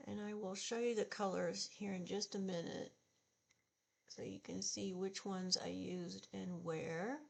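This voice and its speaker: A woman in her sixties chatting slowly and haltingly while she does her makeup, sounding upset and discouraged. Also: medium pitch, steady tone, gravelly. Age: 60s. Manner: slow, subdued and halting, with sighs. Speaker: beauty vlogger. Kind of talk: casual get-ready-with-me chat.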